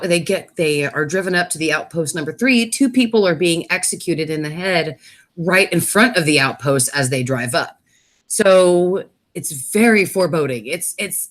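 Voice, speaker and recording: A woman hosting a casual episode review, recapping the plot with many fillers and self-corrections. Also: lowish voice. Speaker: host.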